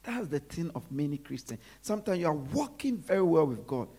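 A preacher delivering a sermon who repeats phrases and drops to low murmurs between emphatic lines. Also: sing-song, a little fast, warm tone, breathy edge.

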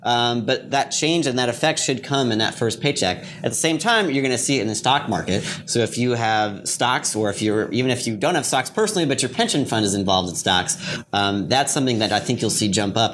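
A man's voice: medium pitch, a little fast, a bit bright, slight background noise. A young man, a guest commentator in a political discussion, explaining at length with many fillers.

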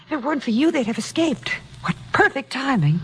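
An actress playing a young woman, the detective's eager girlfriend, with a breathy voice in a 1950s radio drama. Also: high-pitched, very animated, fairly quick.

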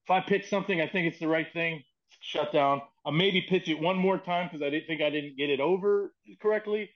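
A man's voice: on the high side, a little fast. Man, podcast guest, rambling storyteller, profane, muffled lo-fi audio. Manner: rambling, profane, acts out quotes, laughs often. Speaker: podcast guest, former wrestling writer and comedian. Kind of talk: casual storytelling chat.

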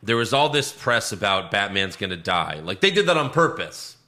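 Animated ranting man, bright voice. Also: moderate pace. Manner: animated ranting, swears, voice jumps high when outraged. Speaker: podcast co-host. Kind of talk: casual movie review chat.

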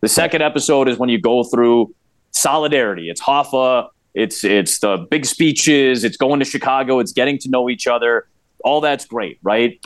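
A man talks with eager enthusiasm in a casual podcast chat, often restarting his sentences as he goes. His voice sits in a middle pitch. The recording is dry and close, with no room sound. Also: no room sound. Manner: enthusiastic, many quick restarts. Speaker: podcast guest, play-by-play broadcaster.

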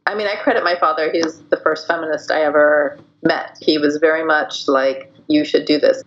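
Low-voiced woman telling her story. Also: fairly even intonation, fairly quick, fairly bright tone, muffled recording, a little hiss or hum. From Iran. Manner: candid storytelling, acts out quoted voices. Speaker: guest. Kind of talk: podcast interview.

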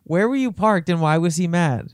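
A man with a smooth, clear and slightly high voice who cuts into the chat with wry, mocking asides. Dry and close sound. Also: expressive, normal speed, no room sound. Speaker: podcast co-host. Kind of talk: casual chat.

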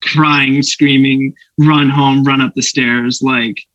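A man's voice: mid-range voice, level tone, slow pace, a bit bright, dry recording, highs cut off. A young man from Canada, an actor guest, telling anecdotes animatedly with laughs and put-on voices. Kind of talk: casual storytelling interview.

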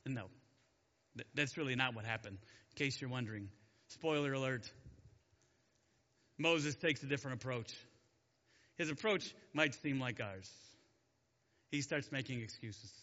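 A man's voice: a little high, expressive, a little slow, pauses often, pushed and bright, big-room sound, muffled recording. A man teaching a Bible story in a chatty, jokey way and asking his listeners questions. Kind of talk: casual Bible story lesson.

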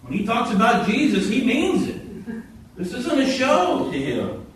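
A man preaching a sermon, telling stories with animated quoted voices, heard from a distance in a church hall. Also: very high-pitched, a little slow. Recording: echoey hall from far off.

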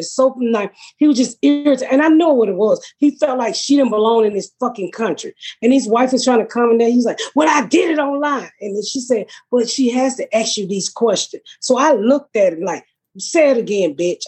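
Husky-voiced, blunt, profane woman comedian. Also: fairly high pitch. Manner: blunt, profane, animated storyteller. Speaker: comedian, podcast regular. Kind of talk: casual storytelling chat.

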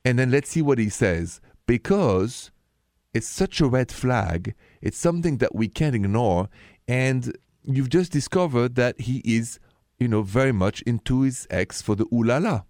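A man with a French accent hosts a radio advice show and speaks frank and emphatic. His voice sits at a middle pitch. The sound is close and dry. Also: expressive, unhurried, a little mellow, no echo. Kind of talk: call-in relationship advice.

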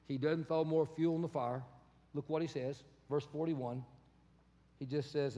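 A man preaching a sermon, telling a story with acted-out voices and swinging between shouts and soft, quiet lines. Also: on the high side, normal speed. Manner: animated storytelling, acts out quoted voices, shifts from shouting to soft. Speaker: pastor. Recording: long reverb of a large hall.

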